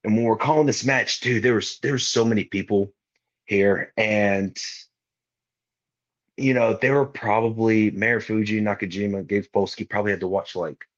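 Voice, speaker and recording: Here a guest wrestler in his twenties talks at normal speed, his voice on the low side with fairly even intonation. He spins a story in casual podcast style, animatedly performing others' lines, over a muffled lo-fi recording.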